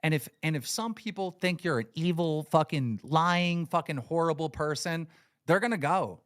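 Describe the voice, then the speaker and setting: A man's voice: fairly high pitch, moderate pace. A man hosting a livestream, delivering an angry, profane, emphatic rant. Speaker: livestream host.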